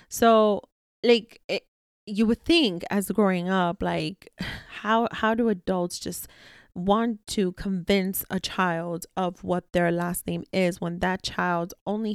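A woman's voice: on the low side, vocal fry, smooth, no echo, clean studio sound. A woman hosting her own podcast, talking candidly in a loose conversational way, swearing now and then and often tagging on "right?". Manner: swears casually when annoyed. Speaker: podcast host. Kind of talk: casual solo podcast monologue.

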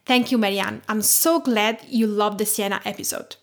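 A woman from Tuscany in her thirties with an Italian accent, hosting a podcast in measured, reflective scripted narration. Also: mid-range voice, steady tone. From Tuscany, Italy. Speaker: podcast host and home cook.

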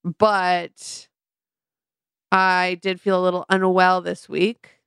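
Young woman rambling through an embarrassing story, smooth clear voice, dry close sound. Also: on the low side, flat delivery, slow pace, a bit bright, no room sound. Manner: candid, self-mocking storytelling with many fillers. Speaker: podcast co-host. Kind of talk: casual chat.

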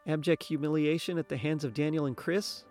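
A man's voice: on the high side, fairly even intonation, brisk, a little mellow, soft background music, close to an everyday voice. A man voicing a sarcastic, fed-up nine-year-old boy.

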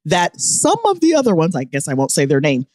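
A woman co-hosting a podcast, talking in an animated, teasing way. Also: deep voice, brisk, dry recording, clean studio sound. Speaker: co-host. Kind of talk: casual podcast chat.

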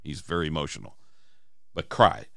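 Deep, bright-voiced man in dry close sound. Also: moderate pace, creaky, no echo. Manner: animated, emphatic, quotes lines in voices. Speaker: podcast co-host. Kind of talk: casual analytical chat.

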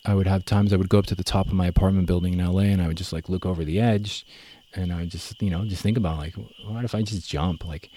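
A young man telling his story in a relaxed, rambling way, full of fillers and self-corrections. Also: sits low, fast talker. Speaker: guest. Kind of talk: casual conversational storytelling.

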